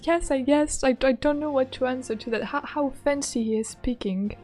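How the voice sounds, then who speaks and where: Giggly, excitable young woman streamer. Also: sits high, faint music behind. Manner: excitable, giggly, quick reactions. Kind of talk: live game commentary.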